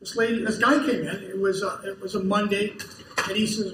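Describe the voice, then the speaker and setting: A high-pitched man lecturing at a conference, telling folksy stories full of quoted back-and-forth. He is heard from across an echoey hall, with faint noise underneath. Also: steady tone, brisk, a bit bright, distant mic. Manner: folksy storytelling with quoted dialogue. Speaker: conference speaker. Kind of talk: lecture with audience questions.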